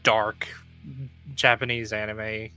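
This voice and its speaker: Bright, laughing stream guest. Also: mid-range voice, flat delivery, clear, resonant tone, faint music behind. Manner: laughs often, enthusiastic, quick restarts. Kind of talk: casual chat.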